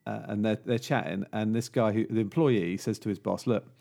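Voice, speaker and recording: A man's voice: on the low side, a little fast, creaky, mellow. A man co-hosting a podcast, chatting casually and telling a long, rambling joke with many fillers. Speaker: podcast co-host.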